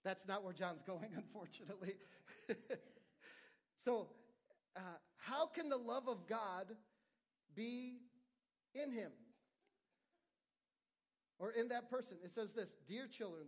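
A man's voice: sits high, a little slow, pauses often. A middle-aged male pastor preaching a sermon in an earnest, conversational way, often restarting his phrases.

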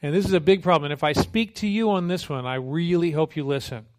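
Talking fast in a voice on the high side, a missionary preacher delivers a sermon full of animated, humorous stories. He keeps it conversational and acts out the quotes.

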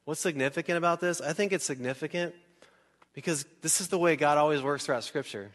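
A male pastor preaching a sermon in a church hall. He talks in a conversational, animated way, asks the crowd questions and acts out little scenes. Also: on the high side, fast. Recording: long hall reverb.

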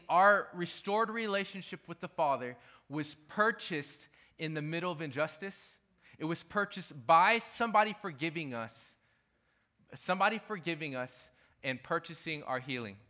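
A male pastor delivers a sermon with emphasis, circling back to repeat his main lines. His voice is bright and forceful, sitting a little high for a man. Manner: emphatic, repeats key phrases.

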